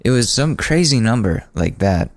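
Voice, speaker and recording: A man with a very low voice tells a personal story on a podcast in a loose, rambling way, full of restarts and dry sarcasm. The recording is dry and close, with no room sound. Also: very animated, moderate pace, dry recording. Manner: sardonic, rambling, many restarts. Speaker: podcast host. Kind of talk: casual comedic storytelling.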